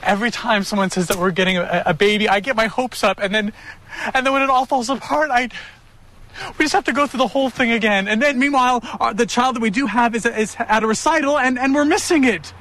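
An actor playing a man who is upset and complaining in a hurried way, in a TV sitcom scene. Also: very high voice, pushed and bright. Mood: exasperated. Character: exasperated man, fed up after failed adoption. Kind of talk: TV sitcom acting.

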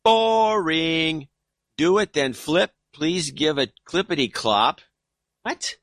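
A man's voice: on the high side, lively intonation, takes it slowly, fairly bright tone, no echo. A man co-hosting a podcast, reading listener donations aloud with dry, wry asides in casual chat.

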